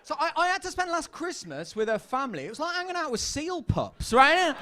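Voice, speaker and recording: A young man doing a stand-up routine on a comedy club stage, rambling and self-deprecating with quick asides to the crowd. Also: extremely high pitch, big pitch swings, bright, forceful tone, slight background noise. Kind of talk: stand-up routine to a live audience.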